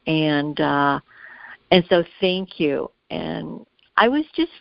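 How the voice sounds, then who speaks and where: A woman guest telling lively stories about her skincare work in a casual interview, acting out what people said. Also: on the low side, no room sound, lo-fi sound. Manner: animated, acts out quoted voices.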